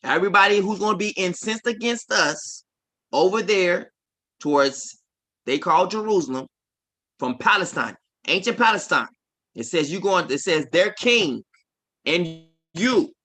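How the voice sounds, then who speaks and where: A man in his forties delivers a livestreamed sermon in a somewhat high, sharp and forceful voice. He hammers his points home with repetition, sinking to near-murmurs before surging into loud declarations. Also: lively intonation, a little slow. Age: 40s. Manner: swings between quiet asides and loud emphatic declarations; repetitive, insistent cadence. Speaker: preacher. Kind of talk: livestreamed preaching.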